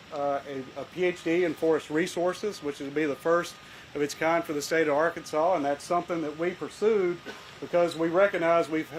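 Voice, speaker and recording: A man, a college dean giving opening remarks at a ceremony, folksy and halting with many fillers, heard over an echoing outdoor sound system. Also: on the high side, a little hiss or hum. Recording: echoey public address from afar.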